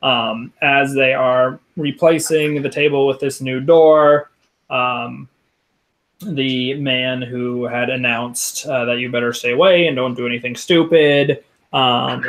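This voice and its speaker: A man narrating as game master of a tabletop game, halting with many ums and restarts. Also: mid-range voice, gravelly, rough recording.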